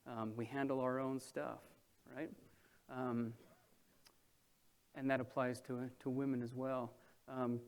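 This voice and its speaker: A man's voice: mid-range voice, darkish tone. A man moderating a panel and addressing an audience in a room, talking in a conversational way that keeps checking in with the listeners. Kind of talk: presentation to an audience.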